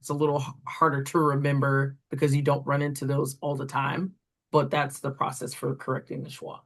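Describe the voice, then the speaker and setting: A woman's voice: very deep voice, completely flat delivery, a little fast. A woman walking through reading correction steps as a tutor trainer, explaining step by step with fillers while pointing at examples. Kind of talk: instructional walkthrough.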